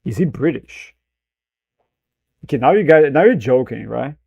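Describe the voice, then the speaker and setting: A man's voice: mid-range voice, animated, moderate pace, gravelly, no room sound, highs cut off. A man streaming casual reaction commentary, rambling, swearing freely and laughing at himself. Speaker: streamer reacting to a film clip.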